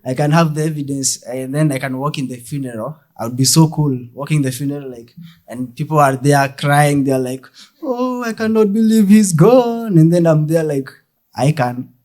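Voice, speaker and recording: A young Kenyan man with a Kenyan accent performing a deadpan stand-up comedy set, mixing English and Swahili. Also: medium pitch, a little fast.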